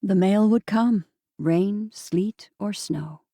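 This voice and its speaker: A woman narrating an audiobook in a calm, steady storytelling manner. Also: mid-range voice, slow, no echo, studio quality. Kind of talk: scripted narration.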